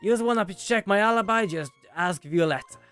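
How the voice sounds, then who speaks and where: A hot-headed loan-shark thug with a thick Brooklyn accent, growling every threat, voiced by a man reading a game aloud. The voice is rough and menacing, always spoiling for a fight. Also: sits high, brisk, fairly bright tone, faint music behind, voice pushed up. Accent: put-on Brooklyn.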